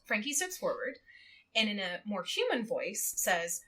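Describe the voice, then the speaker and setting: A woman guesting on a podcast, recapping a book in casual chat, animated and giggly as she tells it. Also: medium pitch, measured pace. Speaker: guest co-host.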